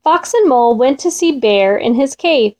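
A woman reading a children's folk tale aloud in a gentle, expressive way, drawing out repeated words. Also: high voice. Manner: gentle, expressive, drawn-out repetitions. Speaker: storyteller.

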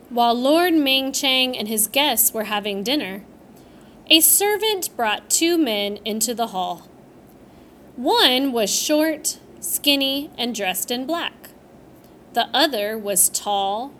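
A woman reading a folktale aloud in storybook narration. Her voice is high and very lively in pitch, and she takes her time over each phrase, with a faint hiss in the background. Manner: slow, expressive reading.

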